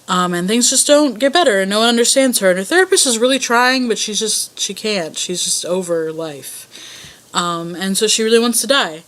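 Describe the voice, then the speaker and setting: A woman's voice: mid-range voice, a bit bright. A young woman casually answering a voice tag, telling rambling stories in a self-conscious way. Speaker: vlogger.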